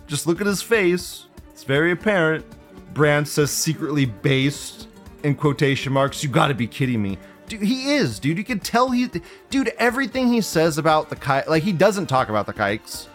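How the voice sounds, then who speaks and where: Sarcastic, profane man with a higher voice. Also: sing-song, normal speed, soft background music. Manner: profane, sarcastic, jumps between loud outbursts and mutters. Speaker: livestream host. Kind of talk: casual live-stream commentary.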